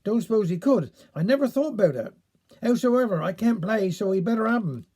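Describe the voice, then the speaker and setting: A man's voice: high voice, lively intonation, fairly quick, warm tone, breathy edge. A man with a Cornish accent voicing a muddled, rambling village man in a spoken story.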